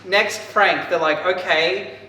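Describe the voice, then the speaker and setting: A man casually recapping a book for a podcast, rambling and animated, with lots of filler words. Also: fairly high pitch, a little slow. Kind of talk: casual chat. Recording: echoey room, distant mic, faint hiss.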